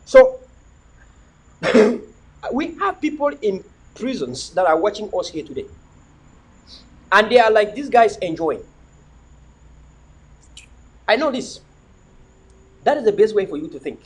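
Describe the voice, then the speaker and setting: A middle-aged man holds forth on his livestream in a very high, husky voice. He preaches and repeats himself, firing off rhetorical questions in a lively, swinging delivery. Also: measured pace, long pauses, rough recording. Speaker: livestream host. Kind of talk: impassioned livestream monologue.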